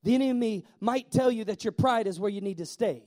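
A man preaching a sermon in a lively way, asking the congregation questions and slowing down to stress key words. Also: high voice. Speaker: pastor.

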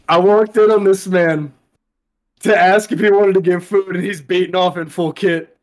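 A young man chatting on a podcast, loose, profane and emotional, laughing often. His voice sits a little high. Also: fairly even intonation, unhurried. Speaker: podcast guest, soldier. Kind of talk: casual chat.

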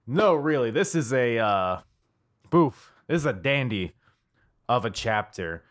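A man's voice: medium pitch, sing-song, unhurried, fairly bright tone. Tipsy American man rambling on his podcast. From United States. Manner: loose, swearing, jokey and rambling. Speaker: podcast host. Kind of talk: casual podcast chat.

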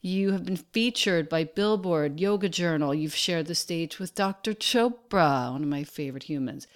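Soft-spoken low-voiced woman podcast host. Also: normal speed, no room sound, studio quality. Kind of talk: podcast host read and guest introduction.

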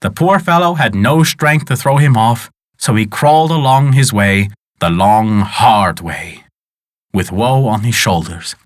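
A man narrating a folk tale in an expressive, dramatic way as the storyteller of the show. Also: lowish voice, measured pace, no room sound, studio quality.

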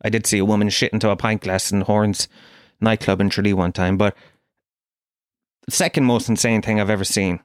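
A man's voice: fairly low pitch, normal speed, pauses often, no echo, studio quality. Swearing Irish man in his forties, ranting. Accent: Irish, Kerry. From Ireland. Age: 40s. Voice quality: animated, incredulous, swearing freely. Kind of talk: profane comic rant.

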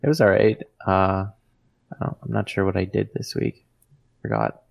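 A man's voice: on the low side, huge pitch swings, normal speed, vocal fry, darkish tone. A man co-hosting a podcast, chatting casually in rambling sentences full of "like". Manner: rambling, heavy on "like" fillers. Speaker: podcast co-host.

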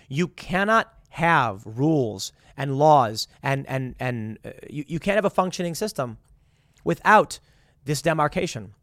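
Animated, sarcastic male commentator. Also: a little high, no room sound, studio quality. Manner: animated, acts out quoted voices with sarcasm and restarts. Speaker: political commentator. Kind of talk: opinionated monologue.

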